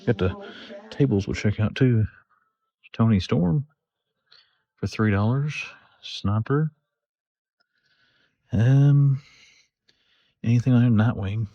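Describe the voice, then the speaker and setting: A man's voice: mid-range voice, slow pace, pauses often, warm tone, no room sound, lo-fi sound. A man giving casual running commentary to viewers while browsing toy aisles in retail stores, recorded on a handheld phone. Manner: casual, chatty, talks to viewers as "guys". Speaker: toy collector vlogger.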